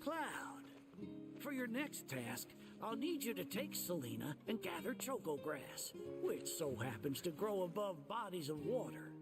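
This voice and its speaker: A gravelly old chocobo rancher. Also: male voice, high-pitched, very animated, unhurried, full character voice. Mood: gruff. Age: older. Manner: folksy drawl, old-timer sayings. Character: gruff old male chocobo rancher, folksy and forgetful. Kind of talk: video game dialogue. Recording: game dialogue over loud music. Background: game music.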